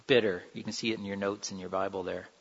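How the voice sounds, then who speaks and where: In a reverberant hall with dull sound, a man preaches an earnest, conversational sermon and voices the quoted lines with feeling. He talks fast, in a fairly low pitch with flat delivery, and his voice is gravelly and husky.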